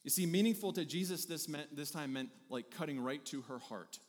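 A man's voice: a little high, fairly quick. Man preaching in a reverberant hall. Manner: animated, conversational preaching with repeated phrases. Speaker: pastor. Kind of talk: sermon.

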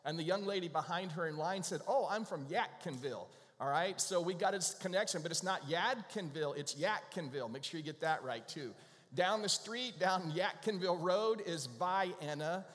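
A man's voice: high-pitched, moderate pace, a bit bright. A middle-aged male pastor giving a casual, joking sermon to his congregation in a church. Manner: chatty, joking, playful. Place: church sanctuary. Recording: reverberant church hall.

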